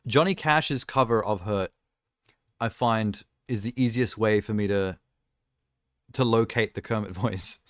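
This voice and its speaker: A man's voice: lowish voice, unhurried, no room sound, studio quality. A man streaming live, chatting casually in a rambling, ranting way and laughing at himself. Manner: rambling, ranting, self-amused.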